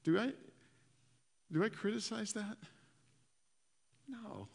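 A man preaching a sermon as pastor, animated and repeating his phrases, with frequent laughs. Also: fairly high pitch, moderate pace, creaky. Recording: long hall reverb.

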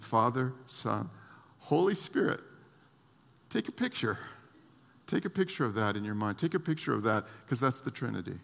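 Male pastor, slightly high voice, animated preaching, long hall reverb. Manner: animated, lively preaching with laughs and asides. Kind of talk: sermon.

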